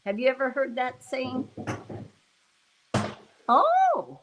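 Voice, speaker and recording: A woman hosting a live stream talks with viewers in an unhurried, easygoing way while she cooks. Her chat rambles and she often laughs. Her pitch sits in an ordinary middle range. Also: lo-fi sound, background noise. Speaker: livestream host.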